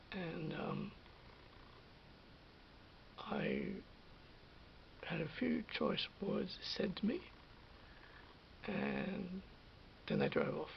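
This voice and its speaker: Brief: middle-aged man, very gravelly voice, rambling storyteller, dull lo-fi recording. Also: high voice, huge pitch swings, drawn-out words, pauses often, slight background noise. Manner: hesitant, self-correcting, drifts into whispers. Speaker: vlogger. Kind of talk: rambling personal anecdote.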